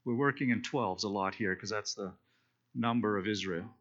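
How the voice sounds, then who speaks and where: A man's voice: fairly low pitch, normal speed, a bit bright. A man preaching in a casual, explanatory way, retelling a scripture story with fillers and restarts. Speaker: preacher teaching a Bible study. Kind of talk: conversational sermon, retelling scripture. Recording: dull lo-fi recording.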